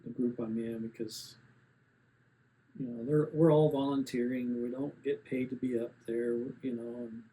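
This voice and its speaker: Plainspoken man in his seventies, mellow. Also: medium pitch, level tone, moderate pace, slight background noise, low-quality recording. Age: 70s. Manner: plainspoken, rambling, many fillers and restarts. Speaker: gear reviewer. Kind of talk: casual rambling review.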